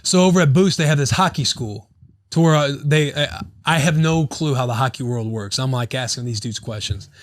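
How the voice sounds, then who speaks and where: A man's voice: medium pitch, a little fast, no room sound. A man in his thirties hosting a podcast, rambling and joking, with casual swearing and a loose ad read. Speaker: podcast host.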